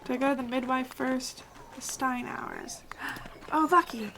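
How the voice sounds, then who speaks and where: A woman giving casual, chatty commentary while playing a video game, reacting aloud with quick exclamations. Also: high-pitched, monotone, noisy background. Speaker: gaming video creator.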